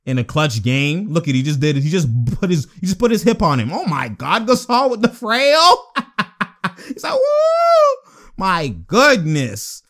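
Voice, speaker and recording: A young man giving excitable live reaction commentary on a basketball game, laughing often and throwing out slangy exclamations. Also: a little high, measured pace.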